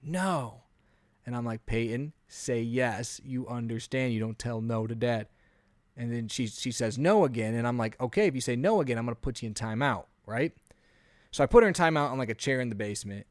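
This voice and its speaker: A man in his thirties, a podcast co-host telling an animated story in a casual chat, often acting out what he said. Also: medium pitch, fairly quick, no echo, clean studio sound.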